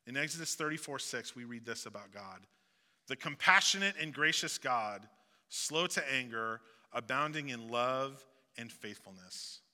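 A man's voice: medium pitch, animated, moderate pace, sharp tone. A male pastor with a Southeast Missouri accent, preaching a sermon in a conversational way with joking asides. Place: church sanctuary. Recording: long hall reverb.

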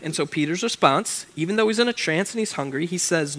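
A man's voice: on the high side, animated, fairly quick, few pauses, a bit bright. Chatty man preaching a casual sermon. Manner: chatty, joking asides, reads scripture aloud. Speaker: pastor.

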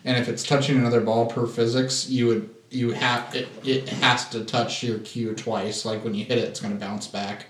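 A man on a podcast, chatting casually and explaining a game's rules in a relaxed way, with some swearing. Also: medium pitch, normal speed, hardly any pauses, far from the mic. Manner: laid-back, explains things plainly with casual swearing. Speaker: podcast co-host. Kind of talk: casual chat. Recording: roomy, off-mic sound.

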